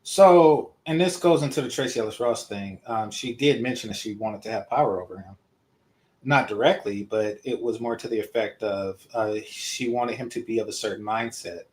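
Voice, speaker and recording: Male host, lower register, unscripted meandering commentary, lots of filler pauses. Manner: hesitant, many ums and restarts. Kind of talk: casual rambling commentary. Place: indoors in California.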